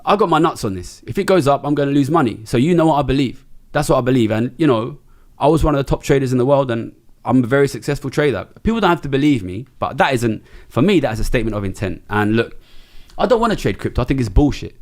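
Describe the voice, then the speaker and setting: A man's voice: medium pitch, expressive, fast talker. A middle-aged man from Britain giving an interview, blunt, emphatic and full of swearing. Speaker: interview guest, trader. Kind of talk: candid interview talk.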